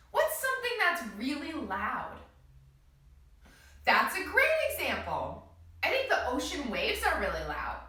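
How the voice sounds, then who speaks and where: A woman leading a yoga class for small children, in a sing-song, gently encouraging way. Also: sits high. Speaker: kids yoga teacher. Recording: echoey room, voice from a distance.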